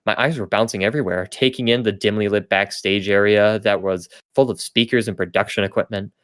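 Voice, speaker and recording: A man's voice: on the low side, steady tone, a little fast, fairly bright tone, dry recording. Dry-voiced young man reading fanfic. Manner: stumbling, self-correcting reading with laughing asides. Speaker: podcast host and reader. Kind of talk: comedic fanfiction reading aloud.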